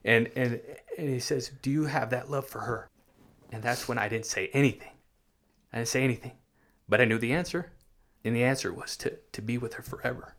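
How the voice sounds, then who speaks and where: Halting earnest man with a gravelly voice. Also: mid-range voice, a bit bright. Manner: halting, repeats words, earnest. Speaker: guest sharing testimony. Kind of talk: casual personal testimony.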